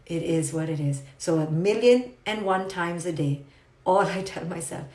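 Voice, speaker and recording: A woman's voice: fairly low pitch, expressive, normal speed, echoey room. A woman giving an emphatic, livestreamed motivational talk, repeating mantras and asking rhetorical questions. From India. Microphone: phone or webcam.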